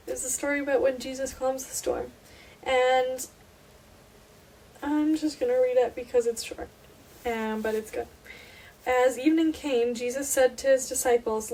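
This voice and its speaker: A woman's voice: sits high, a little mellow. A young woman co-hosting a casual faith podcast, chatting earnestly and reading scripture aloud. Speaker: podcast co-host. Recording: voice a bit distant from mic, faint background noise.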